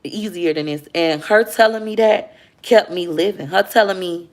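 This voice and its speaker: A woman's voice: mid-range voice, moderate pace. A woman, a mother livestreaming, telling a heartfelt personal story to her viewers. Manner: candid, heartfelt, addresses viewers as y'all.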